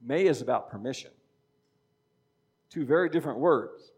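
A man's voice: mid-range voice, expressive, moderate pace, darkish tone, breathy edge. A middle-aged man preaching a sermon in a conversational teaching style, often checking in with "okay?". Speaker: pastor.

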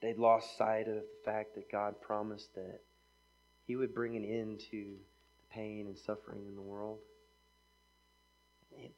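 A man delivering a sermon in an easy, conversational voice at an ordinary middle pitch. He keeps checking in with his listeners by asking "right?" as he works through the reading. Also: lo-fi sound. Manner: conversational, often asks "right?". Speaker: preacher.

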